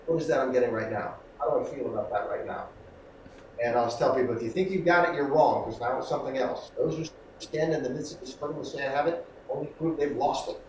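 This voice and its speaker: A middle-aged acting coach explains technique in an interview, animatedly acting out exchanges as he goes. His medium-pitched voice moves at a quick pace, sounding far from the mic in an echoey room with a little hiss or hum.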